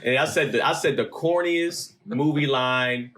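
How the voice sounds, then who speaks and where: Animated storytelling man in his thirties. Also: mid-range voice, a little slow. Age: 30s. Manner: animated storyteller, swears freely. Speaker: podcast co-host. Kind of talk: casual chat.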